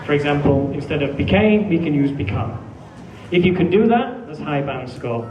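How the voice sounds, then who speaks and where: A man teaching a classroom lesson, lively, acting out sample answers with exaggerated feeling. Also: a little high, moderate pace, recorded from a distance, dull audio, loud music behind the voice. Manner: animated, acts out student answers with exaggerated feeling. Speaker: English teacher. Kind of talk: classroom lecture. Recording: echoey room, mic from afar, faint noise.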